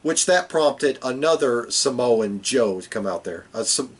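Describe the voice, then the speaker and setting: A man's voice: mid-range voice, expressive, unhurried, husky. A man co-hosting a podcast, casually recapping wrestling with dry joking asides. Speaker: podcast co-host.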